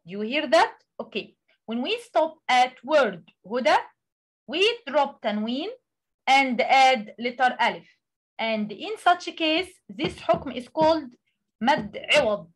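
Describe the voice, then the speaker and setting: High-voiced woman teaching Quran recitation. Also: expressive. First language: Arabic. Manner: explains slowly with many hesitations, recites Arabic examples. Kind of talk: online tajweed lesson.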